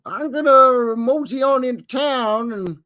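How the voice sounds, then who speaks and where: A man doing a high folksy frontier cowboy. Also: a little slow, pushed and bright, exaggerated voice. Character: folksy old-time male cowboy rancher.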